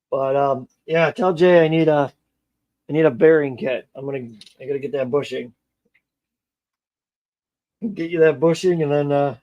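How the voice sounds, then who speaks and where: A man's voice: a little high, highs cut off. A man chatting casually on a live stream while he repairs a model car, rambling, joking and muttering to himself as he works.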